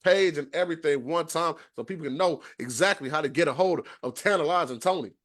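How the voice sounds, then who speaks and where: Hyped high-voiced podcast host man. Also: quick pace. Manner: lively, hyped. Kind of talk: casual interview.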